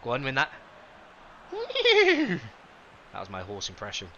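A young man streaming a football game live, chatting excitedly with viewers and reacting to the match. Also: fairly low pitch, racing, vocal fry, dull audio, a little hiss or hum. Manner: excitable, chatty, greets chat by name.

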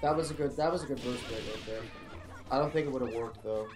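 Guy casting a fighting game, coachy and excitable, game music loud behind. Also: mid-range voice. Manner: excitable, coaching, quick to yell at plays. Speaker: esports commentator. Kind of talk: casual game commentary.

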